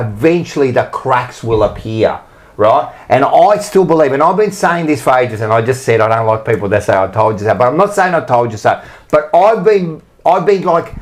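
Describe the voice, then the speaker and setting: An Australian man co-hosting a podcast, ranting emphatically with swearing and rambling asides. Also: medium pitch. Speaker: podcast co-host. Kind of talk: heated casual rant.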